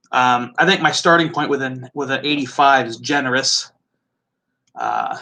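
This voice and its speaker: With a Midwestern American accent and a mid-range, bright, forceful voice, this man hosts a casual live tasting. He chats and muses aloud as he goes along.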